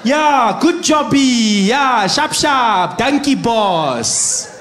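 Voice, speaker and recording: A man voicing a patronising driver who talks down to a petrol attendant in loud, slow pidgin. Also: extremely high pitch, expressive, echoey room, a faint crowd, a little hiss or hum, voice pushed up, full character voice. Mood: condescending.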